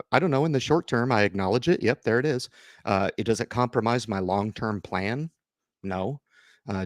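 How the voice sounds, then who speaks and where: A middle-aged man with a lowish voice rambles through a casual livestream chat, swinging his pitch up and down as he talks straight to his viewers. The sound is close and dry, with no room around it. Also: fairly bright tone, dry recording. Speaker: investing channel host.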